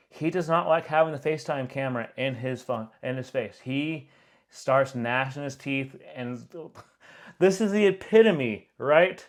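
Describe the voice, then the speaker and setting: A young man, a photographer, giving casual reaction commentary, rambling with lots of fillers and frequent laughter. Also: on the high side.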